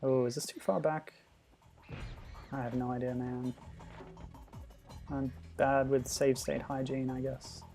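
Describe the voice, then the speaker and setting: A man streaming a game, chatting in a relaxed, amused way and answering chat comments. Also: medium pitch, unhurried, gravelly, long pauses, soft background music. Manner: chatty, amused, laughs often, reacts to the game. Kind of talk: casual gameplay commentary.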